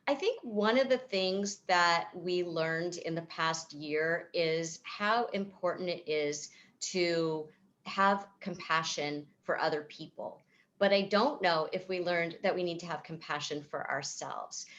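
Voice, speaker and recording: A woman's voice: fairly low pitch, a little slow, fairly bright tone, lo-fi sound. A woman psychotherapist speaking at a virtual event over a video call, answering questions in a thoughtful, explanatory way with frequent fillers and restarts. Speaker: psychotherapist and author.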